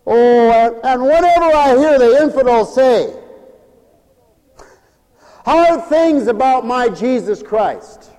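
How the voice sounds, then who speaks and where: A man preaching a sermon, dramatic and given to mimicking others and shouting for emphasis. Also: very high voice, lively intonation, takes it slowly, pauses often, in a large hall, low-quality recording. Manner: dramatic, acts out other people's voices.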